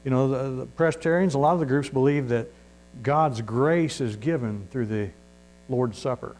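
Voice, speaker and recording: A man's voice: medium pitch, normal speed, a little mellow, poor audio. A man preaching a sermon in a folksy, emphatic way, his voice rising to stress a point. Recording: mains hum.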